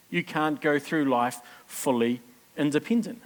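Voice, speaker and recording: Pastor, high male voice, chatty sermon that keeps checking in with the room. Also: moderate pace, a bit bright. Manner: chatty, asks the congregation questions. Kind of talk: conversational sermon.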